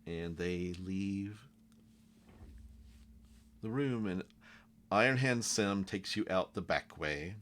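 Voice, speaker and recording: Slow, deep-voiced game master. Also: male voice, fairly bright tone, slight background noise. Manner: loose, halting narration with fillers. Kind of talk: narrating a tabletop game.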